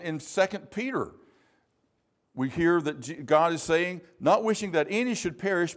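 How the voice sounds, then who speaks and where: A man preaching a sermon in a church, slowing down to stress key phrases. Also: fairly high pitch. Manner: measured, emphatic preaching with slow stressed phrases.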